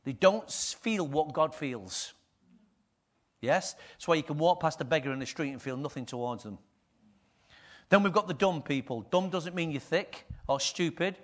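A man's voice: a little high, expressive, moderate pace. A middle-aged man, preaching a conversational sermon and often asking the congregation questions. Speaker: pastor.

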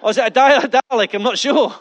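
A male pastor, preaching a sermon with lively rhetorical questions and jokey asides to his church. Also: extremely high pitch, fairly quick, dull audio, some chatter behind.

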